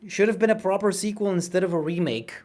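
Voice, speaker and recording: A man in his late twenties with a youthful sound streams a game, chatting, ranting, swearing often, and reading viewer messages. His voice is high-pitched and fast, with a darkish tone.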